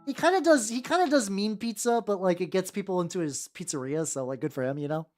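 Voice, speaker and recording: A woman streamer with a medium-pitched, darkish voice talks quickly and animatedly while painting miniatures. She chats casually, rambles and jokes at her own expense over faint background music.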